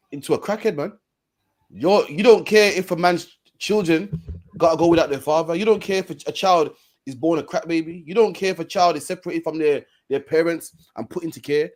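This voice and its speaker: A man with a fairly high voice preaches on a stream. He hammers his points through repetition and ends his phrases with "man.". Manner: preachy, repeats "man" and "all you care about". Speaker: street preacher co-host. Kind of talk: stream discussion.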